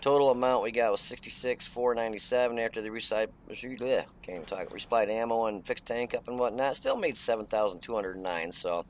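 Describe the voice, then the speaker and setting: This tank-game replay comes with relaxed commentary from a middle-aged gaming channel host whose folksy chatter is loaded with "uh." He talks fairly quickly in a mid-range voice with few pauses, and a little hiss or hum sits under the audio.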